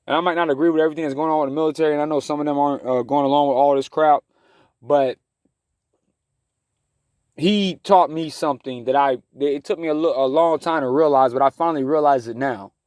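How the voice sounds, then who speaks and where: A man's voice: a little high, a little fast, a little mellow, no room sound. A man in his thirties giving a heated, rambling personal monologue as a talk show host, with many restarts. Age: 30s. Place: living in his car in the woods.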